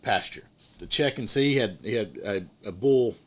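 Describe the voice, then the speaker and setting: Speaking at a moderate pace with a voice on the low side, a middle-aged podcast host relates a story in relaxed conversation. He's a lively narrator who acts out what the people in it said.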